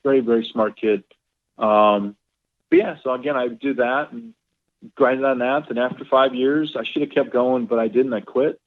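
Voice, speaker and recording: A man on a podcast, a golf professional, telling long stories in a rambling, animated way full of fillers. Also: medium pitch, normal speed. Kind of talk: casual storytelling interview. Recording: phone-line quality.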